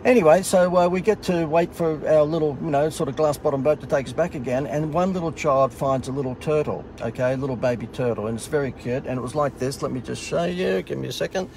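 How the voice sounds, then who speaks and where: A man's voice: on the high side, quick pace, gravelly, hardly any pauses, darkish tone, a little hiss or hum. A middle-aged Australian man casually telling a funny story in a sarcastic, self-mocking way. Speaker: host.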